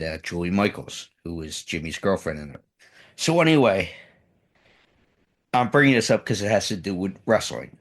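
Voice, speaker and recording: A man hosting a podcast interview, chatting casually and chuckling along with his guest. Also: deep voice. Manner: laid-back, chuckling, chatty asides. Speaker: podcast host. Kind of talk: casual chat.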